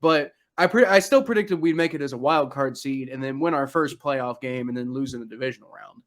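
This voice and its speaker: A young man hosting a casual sports podcast, talking excitedly and rambling with many restarts. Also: mid-range voice, a little fast. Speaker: podcast host.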